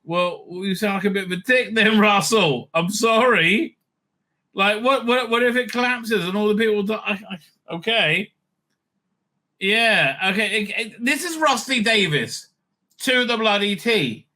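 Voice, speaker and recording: High, bright-voiced sarcastic man. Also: unhurried. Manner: sarcastic, scornful asides, many fillers. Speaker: vlogger commenting on TV news. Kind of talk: casual reading and mocking commentary. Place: home with a dog nearby.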